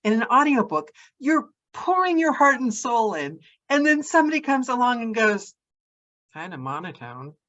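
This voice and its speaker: Woman podcast host, lively and chatty. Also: high-pitched, normal speed, hardly any pauses, muffled recording. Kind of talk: casual interview chat.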